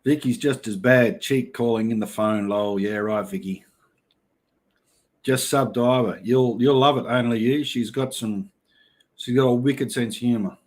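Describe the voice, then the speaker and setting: A middle-aged Australian man yarns away on a casual live stream, reading out the chat. He talks in a relaxed, blokey drawl at an everyday pitch and laughs easily between his lines. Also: normal speed. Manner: laid-back, laughs often, blokey slang. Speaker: livestream host reading chat.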